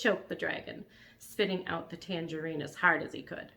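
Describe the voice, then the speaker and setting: A woman reading a children's storybook aloud in a calm, even narrating voice. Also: lowish voice, moderate pace. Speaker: reader.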